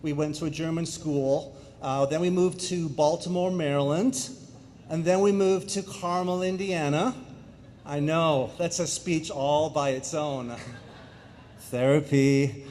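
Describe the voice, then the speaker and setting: A middle-aged man from England, a guest speaker giving a lively, jokey presentation that speaks directly to the audience in a high school auditorium. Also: unhurried, a little hiss or hum.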